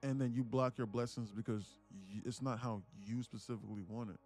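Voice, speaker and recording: Male livestream host, mid-pitched, casual and profane, tells stories. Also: steady tone, a little fast, a little mellow, faint music behind. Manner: storytelling, swears freely. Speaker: day trading livestream host.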